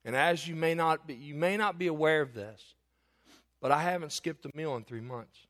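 A pastor in his forties preaching a sermon, telling stories and building in volume and pitch on key points, often restarting phrases. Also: moderate pace. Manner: storytelling, swells louder and higher on key points.

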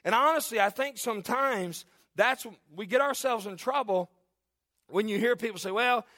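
A man's voice: high-pitched, moderate pace, sharp tone, no room sound. A man in his forties preaching an earnest, conversational sermon in a church, often restarting and repeating phrases. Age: 40s. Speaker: pastor.

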